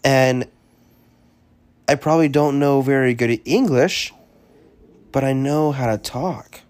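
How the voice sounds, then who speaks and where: Man, podcast host, deadpan self-praise, slow drawn-out phrasing, mid pitch. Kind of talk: mock-soothing comedic podcast chat.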